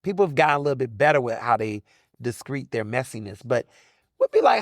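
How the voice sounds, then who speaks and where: Animated, chatty male podcast host. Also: mid-range voice, no echo, studio quality. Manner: animated, chatty, slangy, quick asides. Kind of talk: casual solo podcast monologue.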